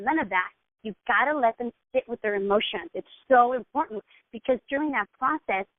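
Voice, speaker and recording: A woman mentor talks her team through how to run a session, direct and instructive, checking in with "okay?" after each point. Her voice sits a little high. It comes through a narrow, phone-like line with no room echo. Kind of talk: coaching instruction.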